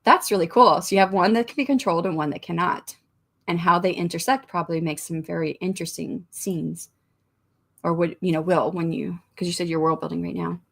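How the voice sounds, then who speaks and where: A woman with a slightly low voice hosts a relaxed writing livestream from home. She chats casually, reads out viewer comments and rambles, restarting often with small laughs. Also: brisk, vocal fry. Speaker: livestream host of writing sprints. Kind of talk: casual livestream chat, reading comments aloud.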